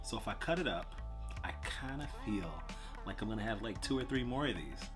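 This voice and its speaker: A man's voice: on the low side, expressive, a little fast. A man chatting casually and self-deprecatingly as he pots a houseplant for his vlog. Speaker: plant vlogger. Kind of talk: casual chat while potting a plant. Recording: background music.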